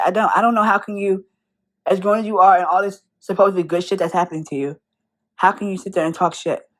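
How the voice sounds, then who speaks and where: A young woman in an angry, profane rant, firing rhetorical questions at the person she is calling out. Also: medium pitch. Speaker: commentary vlogger.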